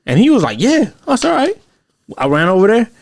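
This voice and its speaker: A man's voice: high-pitched, huge pitch swings, fast talker, gravelly. Guy hosting a podcast, rambles and swears a lot, dry close sound, nothing echoey. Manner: loose, profane storytelling with lots of fillers. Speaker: podcast host. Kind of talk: casual chat.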